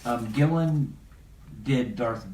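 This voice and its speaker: A man's voice: mid-range voice, slow pace, darkish tone. A man co-hosting a podcast, chatting eagerly about comics in a rambling way with frequent laughs. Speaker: podcast co-host. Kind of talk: casual chat about comics. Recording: roomy, distant mic, faint noise.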